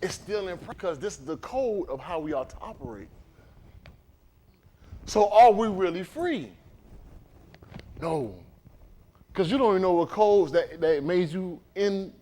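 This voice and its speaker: Guy preaching on a livestream, high voice that jumps all over, keeps asking the room questions. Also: measured pace, pauses often. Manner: animated, conversational, quizzes the congregation. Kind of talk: livestreamed sermon.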